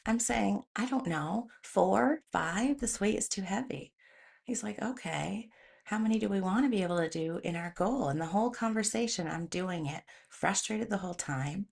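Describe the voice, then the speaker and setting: A woman's voice: medium pitch, animated, moderate pace, vocal fry, darkish tone. A woman hosting a motivational talk, speaking in a conversational way and telling stories with animation. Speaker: host.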